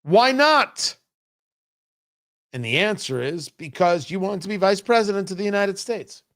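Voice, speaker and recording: A man's voice: high voice, lively intonation, unhurried, a bit bright. A middle-aged man hosting a political commentary livestream, firing off sarcastic, heated rhetorical questions. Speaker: talk show host.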